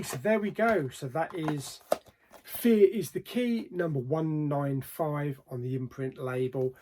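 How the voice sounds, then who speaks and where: A man reviewing films in a casual vlog, plain-spoken, with frequent ums and trailing pauses. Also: fairly high pitch, a little hiss or hum. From Australia. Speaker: movie reviewer.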